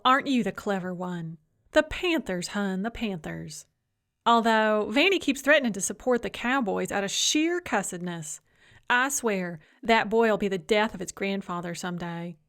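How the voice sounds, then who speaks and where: A woman's voice: mid-range voice, fairly bright tone. A woman narrating an audiobook, voicing a doting, shrewd old grandmother with a fond, drawling, teasing manner. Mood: chatty. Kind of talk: audiobook character voice.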